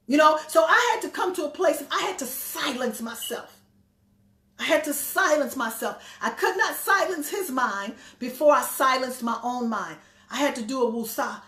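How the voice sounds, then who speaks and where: A woman's voice: sits high, animated, normal speed, a bit bright, echoey room. A woman pastor preaching emphatically, repeating phrases and laughing between points. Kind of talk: sermon.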